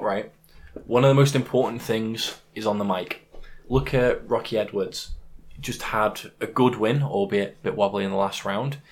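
Man, fairly low voice, emphatic podcast co-host. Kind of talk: casual MMA chat.

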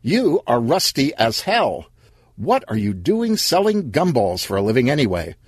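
A man's voice: medium pitch, wildly swooping pitch, moderate pace, breathy edge, no room sound, studio quality, voice pushed up. A man voicing a pompous, smug villain king in an audio story, lecturing in tone.

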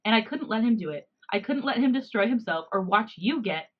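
A woman voicing a defiant young male cat hybrid with sharp, indignant outbursts, in a storybook reading with slightly dull podcast audio. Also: a little high, expressive, brisk, voice pushed up. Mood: hurt, defensive.

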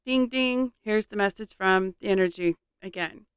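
Chatty woman with a smooth, dry voice. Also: mid-range voice, normal speed, no echo. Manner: chatty, rambling, exasperated asides. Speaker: mother telling a family story. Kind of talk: casual storytelling vlog.

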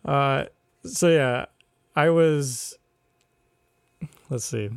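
A man co-hosting a podcast, telling a wild story in a casual, animated way, laughing and swearing as he goes. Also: medium pitch, very slow, gravelly, smooth, dry recording. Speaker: podcast co-host. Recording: loud background ambience.

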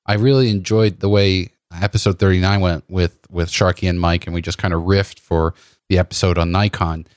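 A man's voice: low-pitched, steady tone, fairly quick, no echo, clean studio sound. A man hosting a photography podcast, chatting casually, laughing and tripping over his words. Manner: stumbling, laughing, self-mocking. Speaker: podcast host.

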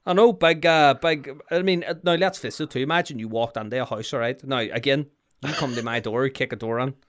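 A man's voice: mid-range voice, a little fast. A young man, telling rambling, sweary stories in casual banter with a friend. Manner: animated, swearing, rambling storytelling.

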